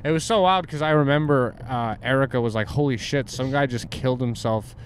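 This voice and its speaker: A man's voice: mid-range voice, fairly quick. Brief: easygoing young guy, casual car-ride banter, swears freely, faint road noise. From Southern California. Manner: laid-back, swearing, laughing, trailing off. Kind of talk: casual chat with a friend. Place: inside a moving car.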